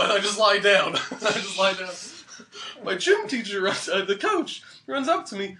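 A man's voice: high-pitched, animated, moderate pace, bright, forceful tone, echoey room. A young man telling a funny story in casual chat, laughing often and acting out the people in it. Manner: laughs often, acts out quoted voices. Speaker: podcast guest.

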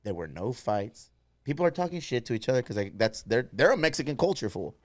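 A man from San Diego, a guest DJ, telling stories fast and profanely in casual podcast chat. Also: mid-range voice, very animated, dry recording. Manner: rapid storytelling, profane, calls people fool.

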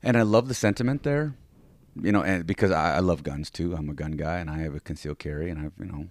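A man's voice: sits low, fast, no echo. A man co-hosting a podcast in casual chat, talking animatedly with many restarts and "right?" tag questions, who teaches self-defense. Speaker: podcast co-host.

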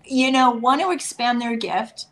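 A woman's voice: on the high side, a little slow, background noise. Affirming woman interview host. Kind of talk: conversational interview.

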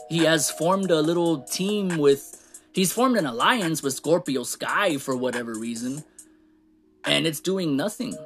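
A man with a somewhat high voice rants through a wrestling recap. His delivery is animated, he swears freely and laughs as he goes. Faint music plays under him. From Latino. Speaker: wrestling show reviewer. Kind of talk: casual recap rant.

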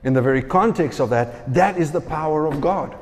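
A man preaching a sermon, telling a story with lively, acted-out quoted voices. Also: a little high, a little fast, long reverb tail, a little hiss or hum.

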